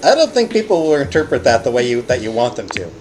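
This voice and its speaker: A man's voice: medium pitch, very animated, fast talker, a little mellow, soft background music, low-quality recording. A man playing a video game on his channel, reacting wryly and swearing casually. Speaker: let's play host. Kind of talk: casual gameplay commentary.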